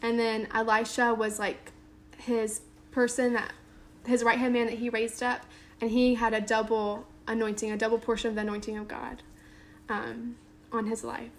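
Her voice sits a little high with little pitch movement, moving at a moderate pace over slight background noise. In an informal small-group Bible session, she reads a passage aloud and retells it in everyday talk filled with "like" and "um."

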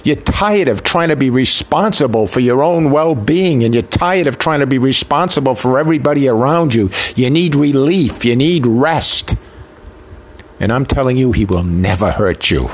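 A man's voice: medium pitch, lively intonation, normal speed, husky. A man preaching a sermon with an impassioned, emotional delivery built on rhythmic repetition. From Italian heritage.

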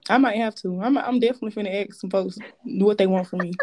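A woman with co-hosting a casual chat, animated and slangy, laughing often. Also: mid-range voice, quick pace.

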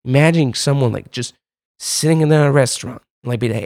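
A man's voice: medium pitch, brisk, a little mellow, no room sound, clean studio sound. A man hosting a podcast, talking in a rambling, casual monologue full of fillers, swearing and laughs. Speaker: podcast host.

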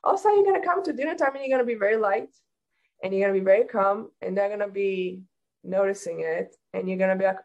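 A woman talking as a hypnotherapist guest in a casual interview, calmly explaining and giving practical advice. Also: medium pitch, fast, vocal fry, lo-fi sound.

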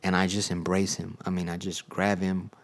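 Young male podcast host, very low voice, relaxed storytelling testimony with filler words. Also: normal speed. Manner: conversational storytelling with many fillers. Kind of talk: casual spoken testimony.

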